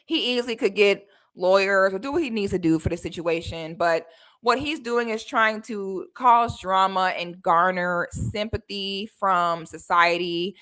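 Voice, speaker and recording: A young woman with a bright, sharp voice talks sassy, emphatic advice straight to her viewers. She runs her own vlog and keeps every line punchy. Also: medium pitch. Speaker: commentary vlogger. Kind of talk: casual advice commentary.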